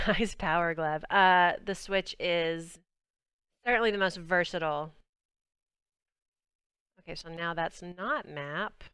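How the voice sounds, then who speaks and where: This young woman with a Southern US accent streams a game and chats in a bubbly, casual way with viewers as she plays. Her lowish voice is slow, with frequent pauses, and sounds smooth and a bit bright in a dry recording.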